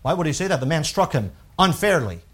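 A man preaching a sermon, reading scripture aloud in a rising, emphatic voice and dropping low and quiet to explain his points. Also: big pitch swings, quick pace, slightly rough.

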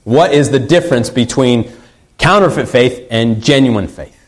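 A man's voice: medium pitch, lively intonation, measured pace, low-quality recording. A man preaching a sermon in an earnest way, repeating key phrases for emphasis. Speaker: pastor.

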